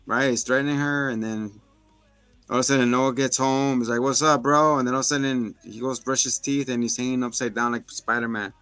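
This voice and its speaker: Casual male podcast co-host, animated slangy recap, mid pitch, dry, faint music under. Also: a little fast, smooth, no room sound. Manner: animated, slangy retelling of scenes. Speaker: podcast co-host reviewing a film. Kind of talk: casual chat.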